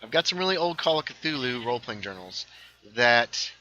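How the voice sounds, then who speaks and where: Bright-voiced man chatting through a game stream. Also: mid-range voice, sing-song, lo-fi sound. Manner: rambling, reads chat aloud, quick asides. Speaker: livestream host playing a game. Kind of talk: casual gaming livestream chat.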